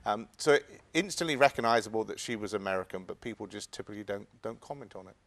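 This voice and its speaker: A man's voice: fairly low pitch, lively intonation, fast talker, a bit bright. A man with an English accent, a guest in an interview, talking hesitantly with many stammered restarts. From England. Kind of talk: interview conversation.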